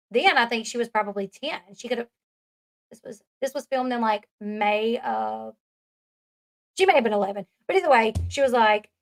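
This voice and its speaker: A woman giving a casual, chatty recap commentary, full of fillers and asides. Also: a little high. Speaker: commentary vlogger.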